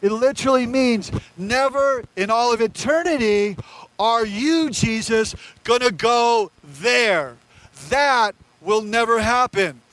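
A male pastor delivers a sermon with a very high voice for a man. He preaches in an earnest, conversational way and addresses his listeners directly. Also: slow, a bit bright, no echo, low-quality recording.

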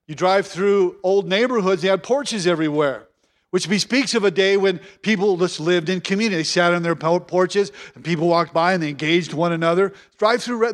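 A man preaching a sermon as pastor, earnest and repeating phrases for emphasis. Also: sits high.

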